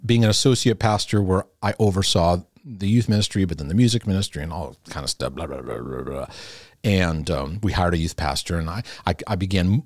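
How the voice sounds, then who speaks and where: A man's voice: lowish voice, no echo, studio quality. A middle-aged man, a host and former youth pastor, talking casually and reflectively to a camera, often repeating himself, restarting phrases and chuckling. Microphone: camera in front of him.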